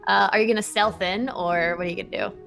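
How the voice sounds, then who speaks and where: A woman narrating a tabletop game as game master, animated and quick to laugh. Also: mid-range voice, creaky, faint music behind.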